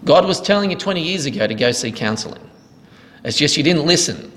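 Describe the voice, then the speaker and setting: A man's voice: fairly high pitch, animated, fairly quick, fairly bright tone. A man leading a question-and-answer teaching session as pastor, explaining answers earnestly. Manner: earnest, explanatory, thanks each asker. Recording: reverberant hall.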